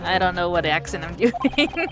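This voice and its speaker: A woman's voice: lowish voice, lively intonation, moderate pace, voice pushed down, close to an everyday voice. A woman voicing a showy, boastful male reporter hungry for scoops, read over game music.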